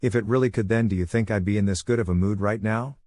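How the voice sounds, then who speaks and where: Fan-story hero, a cocky young male ninja, blunt and sarcastic, lowish plain voice, a man reading. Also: fast talker, darkish tone, no echo, clean studio sound, lightly acted.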